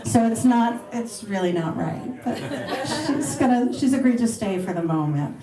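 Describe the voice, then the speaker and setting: Chatting and laughing with luncheon guests in a restaurant dining room, a middle-aged woman radio host answers audience questions in a bubbly manner. Her fairly high voice has lively intonation and a moderate pace, with a crowd audible in this roomy live recording.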